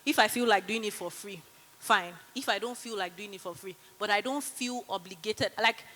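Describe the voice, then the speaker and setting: A Nigerian woman in her thirties delivers a chatty motivational talk in a large conference hall and leads the audience through a breathing exercise. Lively and teasing, she speaks at a normal speed in a mid-range voice that carries the sound of the big room.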